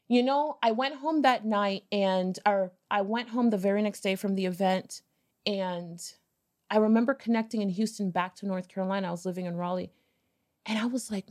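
A woman guest on a podcast, telling a personal story in a casual, animated way, acting out bits of dialogue and swearing now and then. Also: medium pitch, moderate pace. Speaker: podcast guest, business owner.

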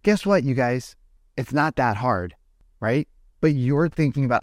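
Man, mid pitch, energetic coach voice, keeps asking "right?", dry close mic. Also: moderate pace, dry recording. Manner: animated, peppers lines with "right?". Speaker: real estate coach. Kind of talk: motivational talk to agents.

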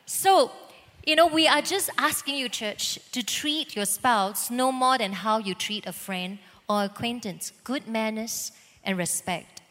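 A woman pastor delivering a calm, explanatory sermon and reading scripture aloud. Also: fairly high pitch, a little slow. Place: church hall. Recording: echoey church hall.

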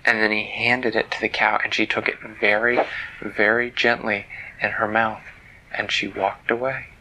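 Male bedtime storyteller, playful and hushed, gravelly edge. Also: on the low side, flat delivery, moderate pace, a little hiss or hum, rough recording. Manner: gentle and playful, drops to hushed whispers.

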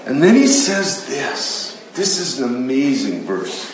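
A man's voice: medium pitch, very animated, slow pace, a little hiss or hum. A man preaching a conversational sermon, emphatic and chatty, with asides to his listeners. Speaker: pastor teaching a Bible study. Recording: very echoey room.

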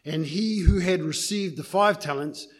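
A man's voice: high-pitched, measured pace. A man preaching a sermon, telling a story in a loose, conversational way before praying and reading scripture.

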